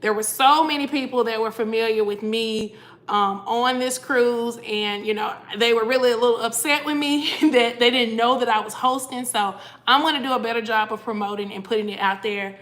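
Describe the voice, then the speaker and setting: A woman's voice: a little high, steady tone, moderate pace, fairly bright tone. A tired woman chatting casually on a livestream, greeting viewers by name and reading their comments aloud. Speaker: cruise vlogger hosting a livestream.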